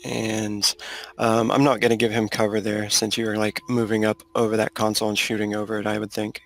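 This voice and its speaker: Flat gravelly game master. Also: male voice, lowish voice, brisk. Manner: relaxed, explains rules and outcomes. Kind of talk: running a tabletop game over voice chat.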